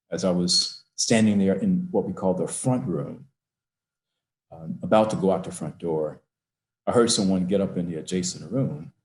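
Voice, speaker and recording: An older man with a low voice tells a personal story in a heartfelt, unhurried way. He speaks over a video call from an echoey room. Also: a little mellow. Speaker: guest speaker.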